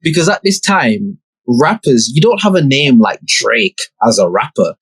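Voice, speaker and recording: A man's voice: mid-range voice, sing-song, unhurried, slightly rough, no room sound, poor audio. A young man, hosting a podcast and telling a story in a laid-back, slangy way with plenty of swearing. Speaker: podcast host. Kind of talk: casual storytelling.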